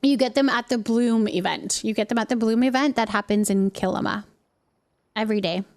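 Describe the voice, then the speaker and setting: A woman's voice: fairly high pitch, a little fast. A woman in her thirties, a mother, chatting casually with her viewers on a live stream while she plays a game, laughing often. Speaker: livestreamer and mother.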